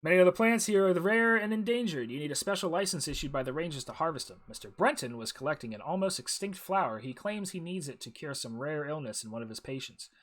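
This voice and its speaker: A man's voice: on the high side, lively intonation, fast talker, hardly any pauses, fairly bright tone, pitched above the performer's own voice. Guy reading a by-the-book jungle ranger, formal and matter of fact, video game lines. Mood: briefing. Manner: formal, briefing tone. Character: stern male jungle ranger officer, by-the-book. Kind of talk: reading game dialogue aloud.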